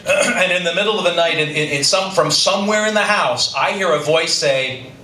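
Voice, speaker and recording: A man's voice: high-pitched, moderate pace, pushed and bright. A middle-aged man telling a personal story live on stage to an audience, with dry, self-deprecating humor. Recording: roomy, distant stage recording with audience noise.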